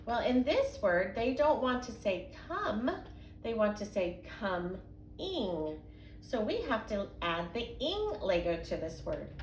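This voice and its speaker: Sing-song teacher in an echoey room. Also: female voice, on the high side, big pitch swings. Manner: patient, sing-song teacher talk with slow sounded-out words. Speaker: kindergarten and first grade teacher. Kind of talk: recorded phonics reading lesson for young children. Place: home, indoors. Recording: echoey room with faint background hum.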